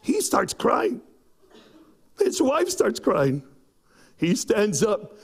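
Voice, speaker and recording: A man preaching a sermon, telling a personal story with acted-out quotes and rising to shouts. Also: sits high, sing-song, unhurried, vocal fry, long pauses. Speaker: pastor. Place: church.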